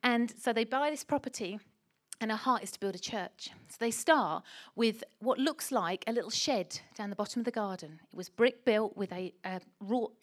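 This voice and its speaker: A middle-aged woman preaching a sermon in an emphatic, animated way, asking the church rhetorical questions. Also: on the high side, moderate pace.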